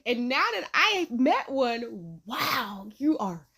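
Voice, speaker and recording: A young woman hosting a reaction video, chatting casually with lots of slang, frequent laughter and sudden high squeals. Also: very animated, slow, vocal fry, sharp tone, slightly rough. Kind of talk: casual chat to camera.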